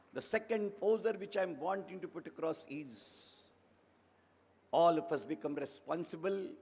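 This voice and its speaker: A convocation speaker in his seventies with an Indian English accent gives a formal ceremonial address, emphatic and oratorical, piling up repeated phrases. His voice is fairly high, darkish and breathy, with echoey reverb from a large convocation hall.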